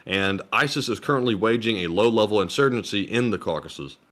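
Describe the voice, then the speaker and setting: Low-voiced man reading viewer questions. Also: fairly quick. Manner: reads super chats aloud in a steady, announcing way. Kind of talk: casual live-stream chat.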